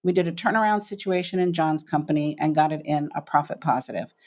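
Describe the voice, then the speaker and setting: Speaking in a low voice at a quick pace, this middle-aged business coach recounts her story as an interview podcast guest. She's emphatic and animated, performing the voices of what people said to her.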